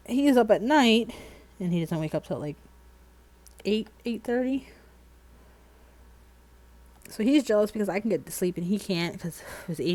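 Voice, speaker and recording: On a livestream, a woman in her thirties does her nails while chatting casually, rambling through animated stories about everyday life. Her voice is mid-range, and the recording is rough.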